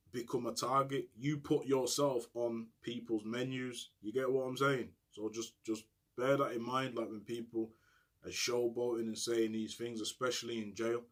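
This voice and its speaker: A man telling a story to camera in heavy street slang, animated and often checking in with "you get me". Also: mid-range voice. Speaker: storyteller recounting prison life.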